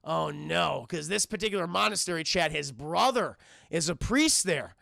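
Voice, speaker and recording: A man giving a casual, animated and profane spoiler review of a film while talking to his live chat. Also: high voice, normal speed, gravelly, dry recording, clean studio sound.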